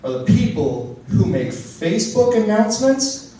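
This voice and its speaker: Young male comic, stand-up set, rants in loud exasperated bits, echoey room with audible background noise. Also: high-pitched, measured pace, distant mic. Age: young adult. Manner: animated storytelling, loud exasperated character bits. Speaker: stand-up comedian. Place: comedy club stage.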